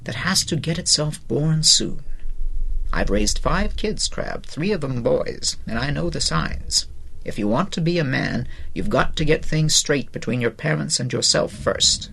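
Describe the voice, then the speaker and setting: A man voicing an older female nurse in an audiobook, gentle and plain-spoken. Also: fairly high pitch, expressive, a little slow, gravelly, breathy edge, full character voice. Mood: gentle firm. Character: older female hospital nurse, kindly but firm. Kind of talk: audiobook character voice.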